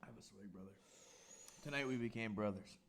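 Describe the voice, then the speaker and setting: A man's voice: on the low side, brisk, very noisy. A young man co-hosting a casual podcast, rowdy and swearing as he cheers the others on. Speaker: podcast co-host. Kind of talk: casual chat.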